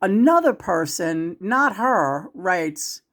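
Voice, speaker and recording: A woman's voice: fairly low pitch, sing-song, slow pace. Rambling woman channeling spirits. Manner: meandering, with many restarts and sudden swings between loud and hushed. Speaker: psychic channeler. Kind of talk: casual rambling spiritual monologue.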